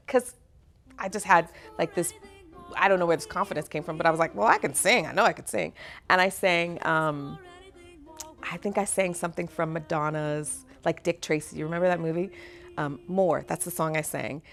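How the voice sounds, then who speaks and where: A middle-aged woman, an actor and singer, telling stories from her career in an interview. She is animated, laughs often and acts out the voices of people in her stories. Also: deep voice, normal speed, soft background music. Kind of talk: conversational interview storytelling.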